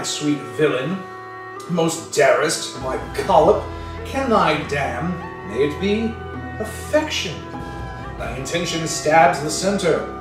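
Man, dramatic Shakespeare recitation, lively pitch; distant mic, music clearly behind. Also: very echoey. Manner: declamatory.

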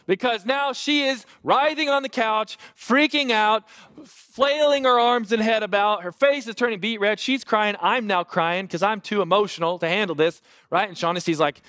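A man in his thirties, a pastor preaching a sermon and telling a lively family story with self-deprecating humor. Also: sits high, moderate pace, no echo, studio quality.

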